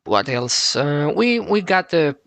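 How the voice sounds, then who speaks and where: A man from Greece hosts a casual podcast, often pausing with "uh" and "um". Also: fairly high pitch, vocal fry. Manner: hesitant with many "uh" and "um", jumps to excited exclamations. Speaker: podcast host.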